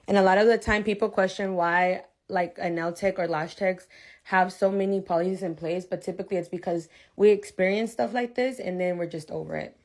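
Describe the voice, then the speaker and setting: A young woman nail technician casually telling a storytime about a difficult client, animated and slangy. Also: medium pitch, brisk, no echo. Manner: animated, slangy retelling with quoted dialogue.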